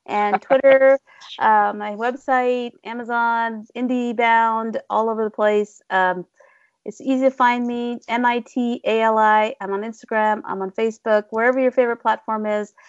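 Woman author, giggly, self-mocking, higher voice, dull dry audio. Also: fairly even intonation, moderate pace, clear, resonant tone, no echo. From Bengali heritage. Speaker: guest author. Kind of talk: casual interview chat.

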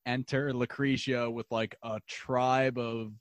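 A man's voice: medium pitch, little pitch movement, slow pace, no echo. A man co-hosting a podcast in casual chat, recounting scenes with plenty of "like". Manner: recounts scenes, often filled with "like" and restarts. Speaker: podcast co-host. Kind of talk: casual chat recapping a TV episode.

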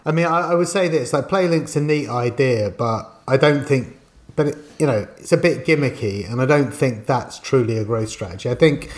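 A man's voice: medium pitch, moderate pace. Musing man thinking aloud on a podcast. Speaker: games journalist podcast co-host. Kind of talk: casual podcast discussion.

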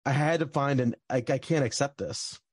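A man's voice: mid-range voice, moderate pace, no echo. A young man telling a personal story in a casual, rambling way, with lots of fillers and bursts of frustration. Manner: rambling, many fillers, gets heated and swears.

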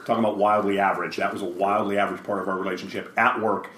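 An older man with a low-set voice tells rambling stories in a relaxed, chatty podcast conversation. He slips into acted-out quotes as he goes. The room is echoey, with a faint hiss underneath. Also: very fast. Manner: rambling storyteller who acts out quotes. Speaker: guest, father of the host. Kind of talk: casual podcast chat.

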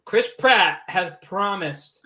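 A man's voice: high-pitched, expressive, takes it slowly, pushed and bright, poor audio. A man co-hosting a casual podcast, asking questions and steering the topics. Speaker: podcast co-host. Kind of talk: casual chat.

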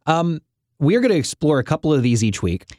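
A man's voice: on the high side, dry recording, clean studio sound. A man hosting a faith podcast in an easygoing, conversational way. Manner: lively, easygoing, fills pauses with uh. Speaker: podcast host. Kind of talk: casual faith podcast chat.

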